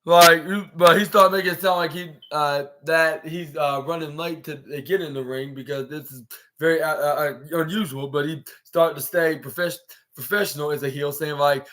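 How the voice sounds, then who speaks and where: A man with a slightly higher voice hosts a podcast and recaps events in loose, casual talk. He rambles, restarts his sentences, and packs them with filler words. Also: steady tone, moderate pace, bright, forceful tone. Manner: rambling, heavy use of filler words, retells scenes in paraphrased quotes. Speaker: podcast host.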